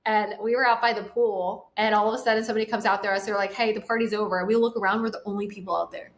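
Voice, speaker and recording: A woman's voice: mid-range voice, rapid-fire. A woman in her twenties, a guest telling a casual story and acting out the quotes in it. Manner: animated, acts out quotes, laughs often. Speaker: guest, sales trainer.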